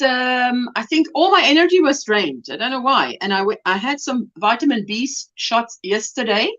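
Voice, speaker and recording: A woman's voice: on the high side, a bit bright. A middle-aged South African woman hosting a casual livestream, chatty and full of greetings and fillers. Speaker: livestream host. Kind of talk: casual livestream chat, reading comments. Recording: slightly dull lo-fi stream audio.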